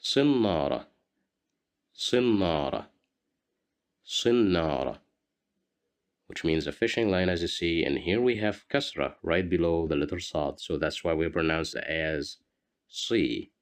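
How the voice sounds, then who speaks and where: A man's voice: sits low, moderate pace. A man teaching a beginner language lesson, patiently repeating each word for learners to copy.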